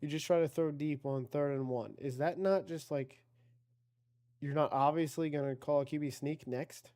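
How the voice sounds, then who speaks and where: Warm and steady, a fairly high male voice at normal speed narrates an online video game football league. The play-by-play is casual and chatty, with self-corrections, remarks to his chat, and a rise in energy for big plays.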